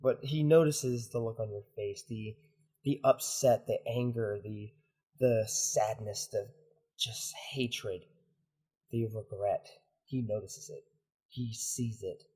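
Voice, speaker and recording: A man narrating as game master of a tabletop roleplaying game, in a measured way. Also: fairly low pitch, a little mellow, breathy edge.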